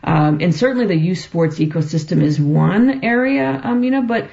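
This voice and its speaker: A woman's voice: fairly low pitch, lively intonation, normal speed, gravelly, warm tone, highs cut off. A woman guest on a radio talk show, speaking earnestly with many ums. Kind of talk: radio interview.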